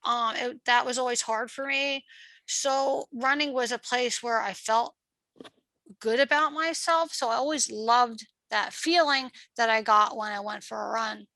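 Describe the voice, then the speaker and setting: Woman, middle-aged, from Pennsylvania, podcast guest, storytelling, chatty, acts out dialogue, fairly high, fry in the voice. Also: steady tone, unhurried, sharp tone, no echo, rough recording. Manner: chatty, acts out past dialogue, laughs often. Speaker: podcast guest, marathon runner. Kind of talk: personal storytelling.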